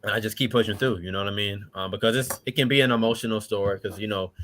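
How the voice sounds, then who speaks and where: A man's voice: fairly low pitch, steady tone, racing, fairly bright tone, slight background noise. A man in his late twenties from Washington DC, a podcast guest telling his life story in a casual, earnest way, often adding "you know what I'm saying". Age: late 20s.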